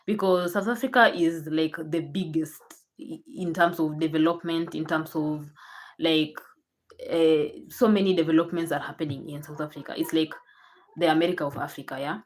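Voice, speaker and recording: Kenyan girl talking to her subs, low-ish voice, kinda rambly, keeps restarting. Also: steady tone, moderate pace, a little hiss or hum. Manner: chatty, repeats herself, frequent restarts. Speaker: YouTuber. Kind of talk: casual chat to camera.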